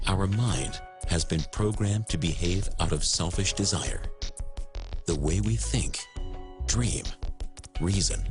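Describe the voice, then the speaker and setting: A man giving scripted devotional narration in a slow, solemn way. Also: deep voice.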